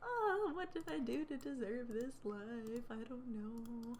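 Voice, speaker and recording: A woman's voice: fairly high pitch, very animated, measured pace, a bit bright, a little hiss or hum. A woman voicing an angry, dramatic middle-aged mother, speaking in indignant exclamations. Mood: exasperated.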